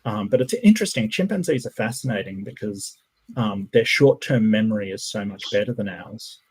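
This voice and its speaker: Male podcast host, low husky voice, casual and meandering. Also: lively intonation, a little fast, rough recording. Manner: musing, meandering with many restarts. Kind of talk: casual conversation.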